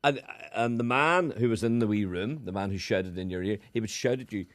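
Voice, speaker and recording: A man's voice: fairly low pitch, brisk, no room sound. A man, a co-host teasing and prompting his partner in casual chat.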